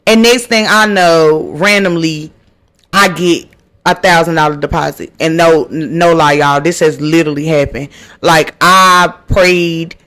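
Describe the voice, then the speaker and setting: A woman's voice: low voice, steady tone, measured pace, a bit bright. A woman hosting a podcast, earnestly sharing her faith testimony, repeating phrases for emphasis and calling her listeners y'all. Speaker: podcast host.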